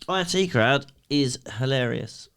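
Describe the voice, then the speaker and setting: A British man chatting casually as a podcast co-host, jokey and quick with wisecracks. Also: mid-range voice, expressive, a bit bright, clean tone. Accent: British English. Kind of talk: casual chat.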